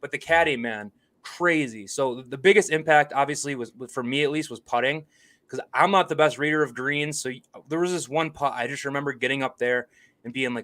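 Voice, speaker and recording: A young man co-hosting a casual golf podcast, telling stories in an excitable way, swearing freely and acting out what people said. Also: medium pitch, a little fast. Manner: excitable storyteller, swears freely, acts out quotes. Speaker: podcast co-host.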